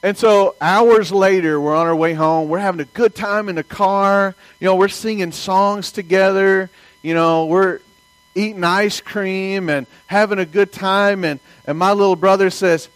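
A man's voice: high voice, a little slow, dry recording, low-quality recording. A man from the American South with a Southern accent, preaching a sermon in a folksy storytelling way and asking the congregation for amens. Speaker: pastor.

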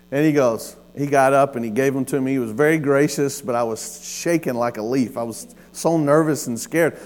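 A man, preaching a sermon and telling a personal story with lively, acted-out dialogue. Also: medium pitch, normal speed. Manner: storytelling, animated with laughs and acted-out quotes. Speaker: pastor.

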